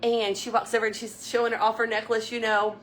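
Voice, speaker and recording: A chatty woman talks casually to her livestream viewers. Her voice sits a little high, and she tells stories with lots of laughter. A faint hiss of background noise runs under her voice. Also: flat delivery, quick pace, fairly bright tone. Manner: chatty, storytelling, laughs often. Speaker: livestream host.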